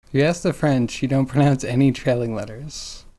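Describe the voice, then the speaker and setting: A male streamer chats casually while working on a digital sculpt, drifting from thought to thought and chuckling often. His talk is loose and musing, with many restarts along the way. His pitch sits in the middle range. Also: normal speed, warm tone.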